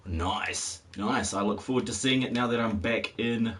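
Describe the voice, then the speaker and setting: Man, fairly low voice, rambling wry game-stream chat, a little distant from the mic, keyboard typing behind. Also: a little slow. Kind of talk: casual live-stream commentary. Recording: voice a bit off-mic with faint hiss.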